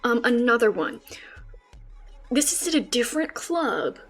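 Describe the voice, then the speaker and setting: A young woman streams and tells a story in a lively, profane way, her voice a touch high. Soft music plays faintly under her talk. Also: unhurried. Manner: animated, swearing, laughing storyteller. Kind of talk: casual storytelling.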